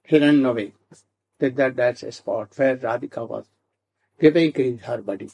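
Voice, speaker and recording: A man telling a devotional story slowly, with halting restarts and asides asking "hmm?". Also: mid-range voice, vocal fry, darkish tone, husky, muffled recording.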